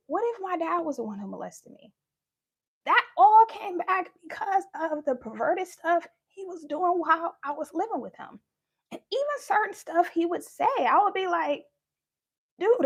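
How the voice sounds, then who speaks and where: A woman's voice: extremely high pitch, a bit bright. A young woman candidly telling a personal story in a live talk, acting out what people said. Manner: candid, conversational, acts out quoted lines. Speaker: speaker sharing her story.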